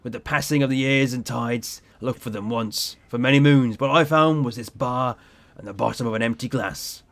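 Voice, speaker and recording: A gruff old sea captain in a video game, drinking alone and spinning slow, heavy tales, read out by a man. The voice sits at an ordinary middle pitch. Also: fairly bright tone, lightly acted.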